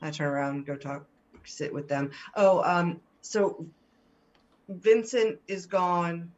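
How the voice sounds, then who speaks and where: A woman's voice: lowish voice, fairly even intonation, takes it slowly, darkish tone, dull audio. A woman player in a tabletop role-playing game, chatty and slipping in and out of character. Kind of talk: casual tabletop play.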